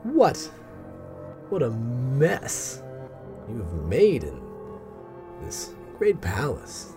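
A man's voice: medium pitch, wildly swooping pitch, music in the background, heavily acted. A man doing a haughty, sugary tiefling stepmother. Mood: condescending. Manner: sugary, condescending, drawn-out. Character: scheming tiefling woman, a haughty would-be stepmother.

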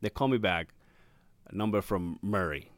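A man's voice: low-pitched, normal speed, no echo. A man telling a story in casual podcast chat, swearing freely and acting out the voices of the people he quotes. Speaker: podcast guest. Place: podcast recording room.

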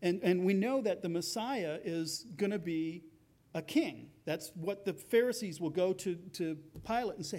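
A man's voice: high-pitched, lively intonation, normal speed, darkish tone. A man preaching a sermon as pastor, in a conversational way, acting out the voices of the people in his story.

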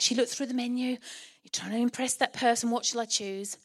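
A woman's voice: high voice, fairly even intonation, fast. A middle-aged woman with an Essex accent, preaching a sermon in church in a chatty storytelling way and laughing often.

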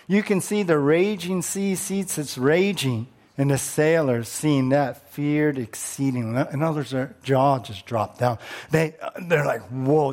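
Preaching with animation, a male pastor repeats his words as he gets worked up and lets his voice sink low on the key words of his sermon.

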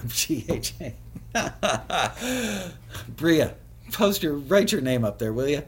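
A man hosting a live web show, chatting casually with viewers, often laughing and spelling things out slowly. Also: fairly high pitch, big pitch swings, slightly rough.

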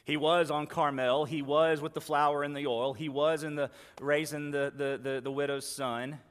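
A fairly high-voiced man delivers a sermon as a pastor, speaking conversationally and leaning on repeated phrases for emphasis. His voice carries a long reverb, as if recorded in a large church sanctuary. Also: level tone, moderate pace, clean tone.

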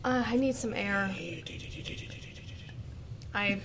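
A woman's voice: mid-range voice, fairly even intonation, drawn-out words, noisy background. A woman playing a character in a tabletop role-playing game, casually stating her character's actions. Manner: casual, declares actions in first person. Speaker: player.

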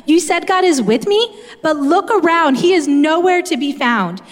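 A woman's voice: very high-pitched, expressive, normal speed, voice pushed up. A woman preacher voicing a doubting young man who hides in despair and pleads with incredulous questions. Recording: long hall reverb.

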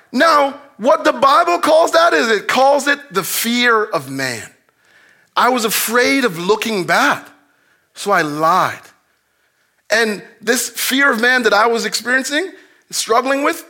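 A man delivering a sermon in a very high, bright voice. He preaches with shouted peaks and sudden drops into low, hushed asides. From grew up in a housing complex. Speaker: pastor.

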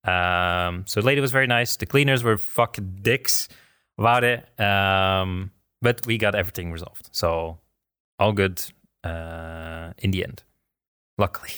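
Brief: male podcast host, lowish voice, chatty storyteller who acts out the quotes, dry close mic. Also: steady tone, measured pace, bright, forceful tone, clear, resonant tone, dry recording. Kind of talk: casual storytelling chat.

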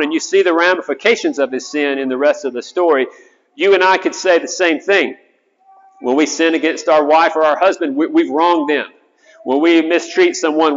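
A man, a chaplain, preaching an earnest sermon, often repeating words as he goes. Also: fairly high pitch. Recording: dull sound with long hall reverb.

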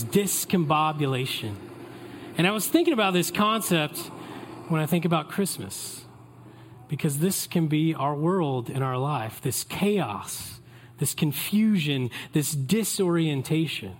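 Pastor, playful sermon. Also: male voice, a little high, animated, a little slow, slight background noise. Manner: playful, joking asides to the congregation.

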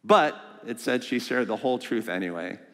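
A man preaches a lively, joking sermon, throwing questions out to the congregation. His voice sits at an ordinary middle pitch. A long church reverb hangs behind him. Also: moderate pace. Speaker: guest preacher. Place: church sanctuary.

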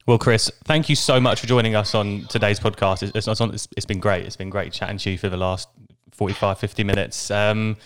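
A man's voice: lowish voice, fairly even intonation, fairly quick, slight background noise. A man hosting a podcast interview in a friendly, easygoing way, with a fair number of fillers. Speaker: podcast host.

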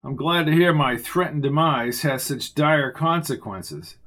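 A man's voice: a little high, animated, a little slow, a bit bright. A man reading the lines of a grumpy, sarcastic male detective in a clipped manner. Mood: gruff sardonic.

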